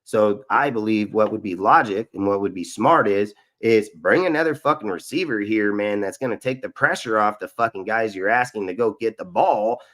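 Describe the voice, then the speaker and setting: A man's voice: lowish voice, moderate pace, hardly any pauses, fairly bright tone. A man hosting a live sports stream, ranting in an aggressive, profane and boastful way. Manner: boastful, repetitive. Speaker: sports show host.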